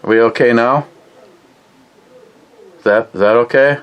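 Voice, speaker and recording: A man's voice: mid-range voice, a little slow, lo-fi sound. A man hosting a casual live stream, reading viewer comments aloud and answering them with crude, rambling jokes and lots of fillers. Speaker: beer review livestream host.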